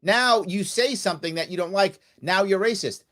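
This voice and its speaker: A man's voice: high-pitched, normal speed, a bit bright. An American man hosting a political talk show, delivering an emphatic livestream monologue and acting out both sides of each argument.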